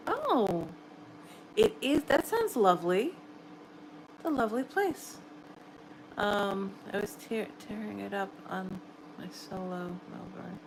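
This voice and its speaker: A middle-aged woman with an American New York accent, from the New York area, casually reads comments and encourages viewers during a late-night livestream in a quiet room at home. Her voice is medium-pitched, and the poor audio has slight background noise.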